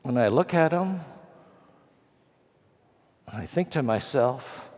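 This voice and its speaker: A man's voice: medium pitch, expressive, takes it slowly, darkish tone. A man in his sixties from California, telling a story in a lecture with wry, dry humor and acting out the dialogue. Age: 60s. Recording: long reverb of a large hall.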